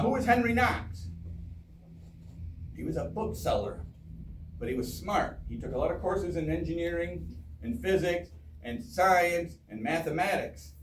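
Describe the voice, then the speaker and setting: A man giving an informal history talk in a town hall, animated and joking, quizzing the audience. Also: high-pitched, slight background noise. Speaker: history speaker. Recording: echoey hall from far off.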